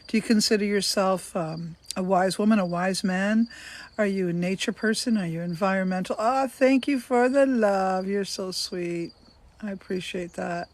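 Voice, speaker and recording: Chatty older woman livestreaming outdoors. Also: mid-range voice. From Canada. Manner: chatty, greets viewers by name, repeats questions. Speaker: livestream host. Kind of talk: casual live-stream chat. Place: outdoors on a sunny day. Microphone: phone.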